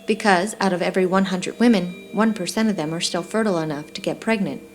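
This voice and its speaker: A woman voicing a male doctor who talks in a measured, formal, apologetic way. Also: lowish voice, soft background music, lightly acted. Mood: calm.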